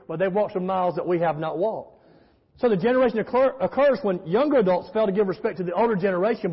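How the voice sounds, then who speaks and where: In a church sanctuary, a man with a high, husky voice preaches as pastor. His delivery is emphatic, mixing storytelling with call-and-response, and the audio is muffled by an echoey hall.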